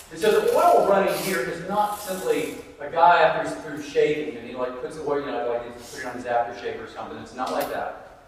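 A man's voice: fairly high pitch, distant mic, a little hiss or hum. Earnest male preacher in an echoey hall. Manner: earnest, conversational preaching that repeats key phrases. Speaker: pastor. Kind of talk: sermon. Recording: echoey hall, voice picked up from afar.

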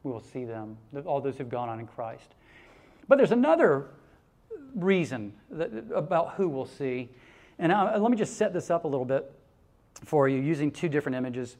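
A pastor delivers a sermon in a somewhat high-pitched male voice. He tells stories with animation, laughing now and then and acting out quotes. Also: very animated, moderate pace, darkish tone.

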